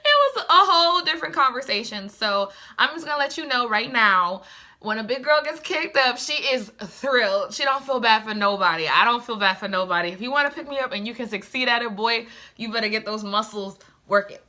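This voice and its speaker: A young woman giving a casual, chatty book review, sassy and animated with lots of asides. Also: on the high side, brisk.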